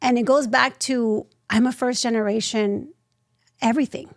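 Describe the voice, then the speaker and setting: A woman in her thirties, a nonprofit founder telling her story as an interview guest, lively and acting out the voices she quotes. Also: fairly high pitch, moderate pace, dry recording, studio quality. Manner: animated, acts out quoted voices.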